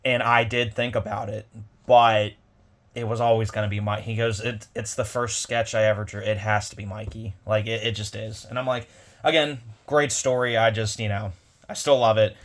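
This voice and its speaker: A man's voice: on the low side, fairly even intonation, moderate pace. A man casually retelling a convention story on his vlog, rambling with many restarts. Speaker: comic collector vlogger.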